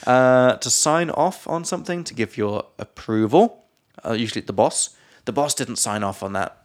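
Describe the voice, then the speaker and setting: A man's voice: mid-range voice, expressive, normal speed. Laid-back Englishman teaching vocab. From England. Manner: laughing, loose and playful, drops into silly voices. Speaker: podcast co-host, English teacher. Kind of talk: casual chat, explaining vocabulary.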